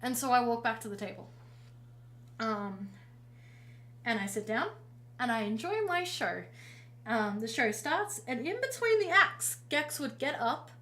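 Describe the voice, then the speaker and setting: A woman streamer casually telling a story while she paints, chatty and swearing freely, with lively acted-out dialogue. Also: sits high.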